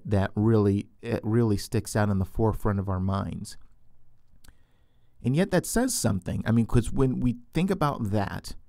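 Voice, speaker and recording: A man's voice: fairly low pitch, mellow, dry recording, studio quality. A man teaching from the Bible in a loose, unscripted way, often restarting and repeating words, and asking questions that he answers himself.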